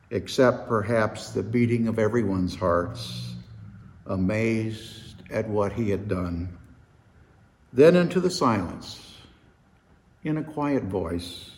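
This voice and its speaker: A man preaching a sermon, retelling a story slowly and dramatically, his voice swelling and dropping for effect. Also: on the low side, lively intonation, darkish tone, big-room sound.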